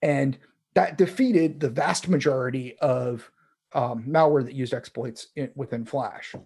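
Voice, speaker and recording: A man's voice: medium pitch, a little slow, gravelly, darkish tone, husky. A man hosting a casual tech chat, rambling with restarts and fillers. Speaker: podcast host.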